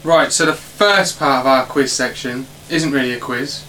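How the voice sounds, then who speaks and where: A man hosting a casual film podcast, reading out facts in a halting way with many fillers. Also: mid-range voice, sharp tone, a little hiss or hum, poor audio. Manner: halting, filler-heavy delivery. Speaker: podcast host.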